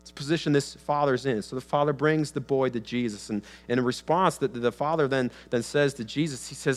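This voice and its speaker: A pastor preaches in a church sanctuary, his mid-range voice brisk and barely pausing. He talks conversationally, restarting often and acting out quotes.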